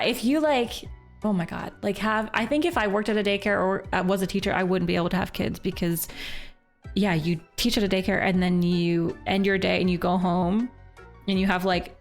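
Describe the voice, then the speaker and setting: A woman's voice: fairly low pitch, creaky. A young woman from Canada, a livestreamer and parent, chatting casually with her chat in a rambling way, full of fillers and restarts. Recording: faint music behind voice.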